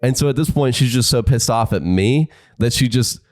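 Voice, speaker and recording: A man's voice: medium pitch, moderate pace, darkish tone, no echo, studio quality. A man co-hosting a podcast, telling a story animatedly, acting out both sides and laughing often. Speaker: podcast co-host. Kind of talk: casual chat.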